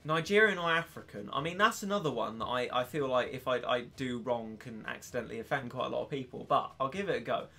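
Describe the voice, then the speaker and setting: A man's voice: medium pitch, quick pace, vocal fry, hardly any pauses, pushed and bright. A young man chatting casually and laughing on a live stream. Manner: chatty, giggly, self-mocking.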